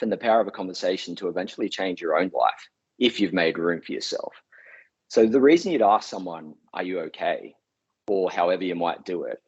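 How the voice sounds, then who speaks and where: Man, very deep husky voice, earnest motivational speech, dull lo-fi sound. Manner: earnest, conversational storytelling. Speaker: public speaker. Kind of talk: motivational talk. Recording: dull lo-fi recording.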